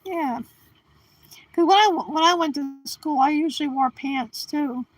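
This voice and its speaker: A woman's voice: high voice, measured pace, low-quality recording. A woman in her sixties hosting a livestream, chatting casually and rambling as she answers viewers. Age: 60s. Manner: rambling, chatty, restarts and trails off. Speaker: livestream host.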